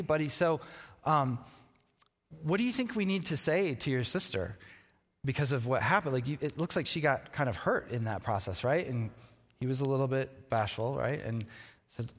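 A man's voice: medium pitch, normal speed, a bit bright. Man preaching in a long-echoing hall. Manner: chatty storyteller who laughs at his own anecdote. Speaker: pastor. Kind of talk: conversational sermon with a personal story. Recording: long reverb from a large hall.

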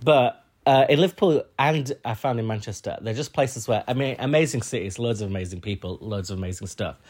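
A man from Huddersfield with a Yorkshire accent, co-hosting a casual podcast chat, telling stories with deadpan jokes. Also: mid-range voice, a little fast. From Huddersfield, England. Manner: chatty storyteller, deadpan jokes. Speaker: podcast co-host.

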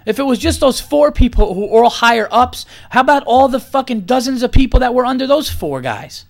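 A man's voice: extremely high pitch, animated, fairly quick, vocal fry. A man hosting a podcast, ranting with heated, profane emphasis and repeating himself. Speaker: podcast host. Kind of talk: angry opinion rant.

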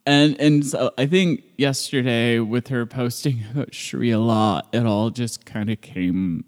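A man's voice: mid-range voice, steady tone, a little slow. A young man from rural Iowa telling a personal story in a chatty, self-mocking way, with lots of ums and laughter. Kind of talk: casual storytelling monologue. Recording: long hall reverb.

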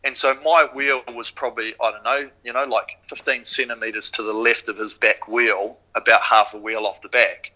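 Telling his story loosely, this former rower from New Zealand, a podcast guest with a New Zealand accent, swears freely and brings the scene vividly back to life. His middle-range voice is very bright and forceful, at normal speed with few pauses, over poor audio.

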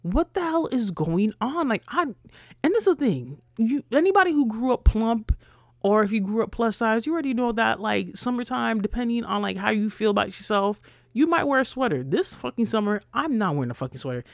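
A young woman from New ranting bluntly as a podcast host, swearing freely and her voice jumping loud and high when she gets riled. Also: expressive, a little fast, creaky, no echo, clean studio sound. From New York, USA. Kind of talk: casual ranting monologue.

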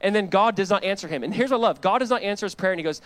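Animated, high-voiced male pastor preaching. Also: racing, few pauses. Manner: animated, reads scripture aloud and paraphrases it casually; laughs between points. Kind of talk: sermon.

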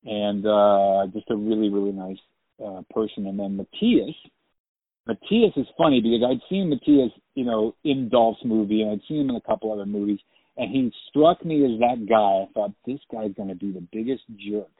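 A man, an actor, telling lively anecdotes and laughing often in a phone interview. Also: fairly low pitch, normal speed, dry recording. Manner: chatty storyteller, laughs often. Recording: tinny dry phone line.

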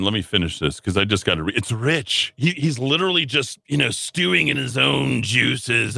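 A man's voice: mid-range voice, big pitch swings, moderate pace, creaky, hardly any pauses, bright, forceful tone, no echo. A male talk host reading an article aloud and mocking it, with sarcastic asides and a put-on snooty voice. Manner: sarcastic, puts on a snooty voice to mock the writer; stumbling asides and restarts, laughs at his own jokes. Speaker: radio talk show host.

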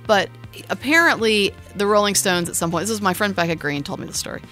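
A woman's voice: medium pitch, fast, sharp tone, soft background music. A woman co-hosting a podcast, telling a story in a chatty way, trailing off and restarting as she goes. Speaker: podcast co-host. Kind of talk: casual chat.

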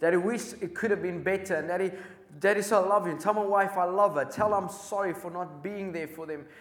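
A man's voice: medium pitch, level tone, normal speed, close to an everyday voice. A man voicing a badly wounded young soldier and father who pleads and repeats himself, in an echoey church hall. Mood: desperate.

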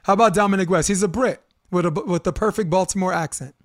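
A man hosting a podcast, telling rambling, animated stories in casual chat and swearing freely as he goes. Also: high voice, fast talker, no room sound, clean studio sound. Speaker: podcast host.

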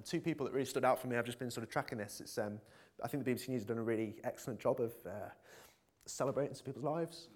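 Earnest preacher, hesitant then emphatic. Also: male voice, mid-range voice, darkish tone. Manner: earnest, hesitant with many fillers, builds to emphatic appeals. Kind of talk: conversational sermon.

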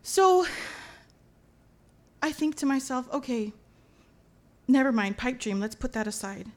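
A woman from Los Angeles telling a personal story as a lively, dramatic monologue, mixing in Spanish slang. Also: sits high, measured pace. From Los Angeles, USA.

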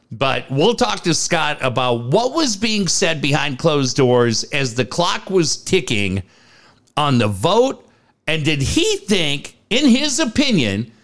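Upbeat, lively male podcast co-host. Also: fairly high pitch. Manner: upbeat, promotional, rambling. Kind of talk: casual sports podcast chat.

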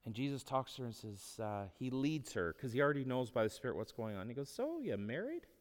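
A man's voice: medium pitch, fast, smooth, in a large hall. A man preaching a sermon in a conversational, humorous storytelling way. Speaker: pastor.

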